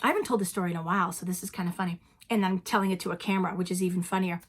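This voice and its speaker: A woman, hosting a chatty personal vlog from her home closet and talking straight into the camera in an animated, theatrical way. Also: lowish voice, very fast. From New England. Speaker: vlog host.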